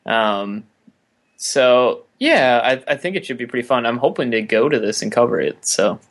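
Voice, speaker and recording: A man's voice: medium pitch, lively intonation, moderate pace. A man co-hosting a music podcast, rambling with lots of fillers in casual chat. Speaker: podcast co-host.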